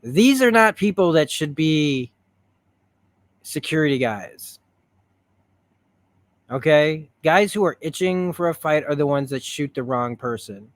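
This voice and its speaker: A man talks through a TV episode in a loose stream of consciousness, getting worked up as he retells it. His voice sits a little high for a man. The sound is dry and close, with no room around it. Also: measured pace, long pauses, no room sound. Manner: rambling, excitable, retells scenes. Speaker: show reviewer.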